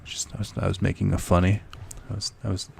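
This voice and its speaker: A young man gives casual let's-play commentary, rambling and cracking jokes with the odd profane aside. His voice is deep and gravelly. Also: level tone, fast talker, darkish tone, a little hiss or hum. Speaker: gaming streamer.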